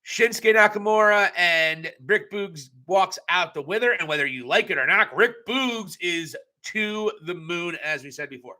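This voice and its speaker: Bright, sharp-toned man recapping casually. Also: high-pitched, animated, unhurried, few pauses. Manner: blunt, profane, joking asides. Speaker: wrestling show reviewer. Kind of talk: casual live video recap.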